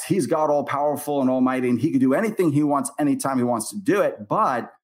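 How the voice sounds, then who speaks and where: A middle-aged man being interviewed about his ministry. He talks in an earnest, animated way at an average pitch and mimics the people he describes. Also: husky. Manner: earnest and animated, acts out voices in his stories. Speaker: prophetic minister, interview guest. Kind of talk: storytelling in an interview.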